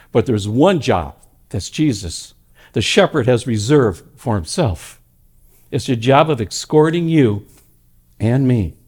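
Man, pastor, church sermon, animated delivery, lively intonation, loud-to-hushed swings. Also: medium pitch. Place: church service.

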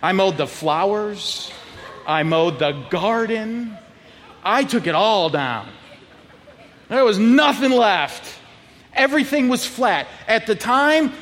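Middle-aged male pastor, high lively voice, animated storyteller who laughs and acts out quotes; long church reverb. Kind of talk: sermon storytelling. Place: church sanctuary.

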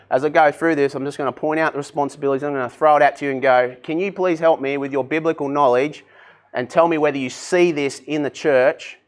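Man, pastor, conversational sermon, fairly high-pitched. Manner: conversational, energetic preaching with direct questions to the congregation.

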